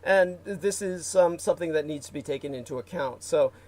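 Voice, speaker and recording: A man's voice: on the high side, a little fast, a little mellow. A man hosting a casual livestream, rambling with many fillers and restarts and reading out viewer comments. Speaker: livestream host.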